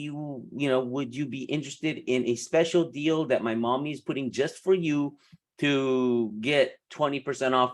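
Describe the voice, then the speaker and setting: A man's voice: mid-range voice, close to an everyday voice. A man playing a sweet small child who pleads earnestly for mommy.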